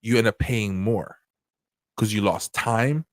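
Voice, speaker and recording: A man hosting a commentary channel, talking casually in an animated, profane way and often laughing. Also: fairly low pitch, slow pace, no room sound, clean studio sound.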